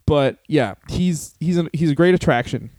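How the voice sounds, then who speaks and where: Male comedy podcaster, rambling and crude, a bit high-pitched, dry studio sound. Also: moderate pace, darkish tone, no echo. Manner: rambling, profane, restarts a lot. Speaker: podcast co-host. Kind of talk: casual comedic banter.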